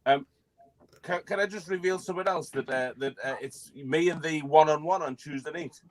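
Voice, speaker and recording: A man's voice: fairly high pitch, moderate pace. A man guest on a fan live stream, teasing the host and laughing. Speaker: panel guest. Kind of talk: casual live-stream chat.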